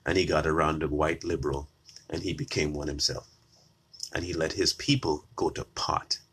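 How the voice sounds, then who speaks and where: A man's voice: extremely low pitch, moderate pace, fairly bright tone, husky. A man giving a combative opinion monologue straight to his viewers, repeating his lines for emphasis. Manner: combative, repetitive, addresses viewers directly. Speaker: political commentator.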